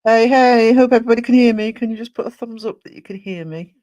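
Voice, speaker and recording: A live streamer chatting casually with viewers, croaky from a sore throat, rambling with many ums. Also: medium pitch, fast, darkish tone, no echo.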